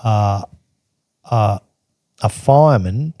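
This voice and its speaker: An older man from Australia telling a rambling travel story on a podcast, halting and restarting as he reads from his journal. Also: lowish voice, animated, warm tone, no echo, studio quality. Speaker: podcast guest recounting travels. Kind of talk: casual storytelling chat.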